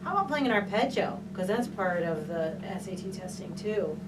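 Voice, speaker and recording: A woman's voice: medium pitch, lively intonation, normal speed. A woman teaching a private piano lesson, encouraging her student and counting beats aloud. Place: piano studio indoors. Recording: distant mic, loud piano playing.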